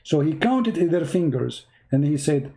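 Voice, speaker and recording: Guy ranting sarcastically, slightly high voice, warm tone, broken english. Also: animated, moderate pace. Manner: sarcastic, emphatic, mocking; non-native English grammar. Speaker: religious debater. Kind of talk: mocking polemic commentary.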